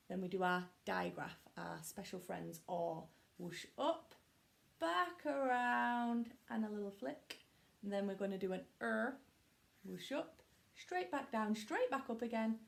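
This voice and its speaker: A woman teaching children a phonics lesson, talking slowly in a sing-song, encouraging teacher voice. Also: fairly high pitch, gravelly. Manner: slow, sing-song teacher voice with lots of praise. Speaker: primary school teacher.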